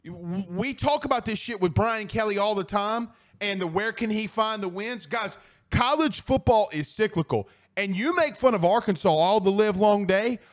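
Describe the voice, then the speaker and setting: A man's voice: sits high, moderate pace. A man hosting a sports talk radio show, ranting in a profane, fired-up way and hammering his points through repetition.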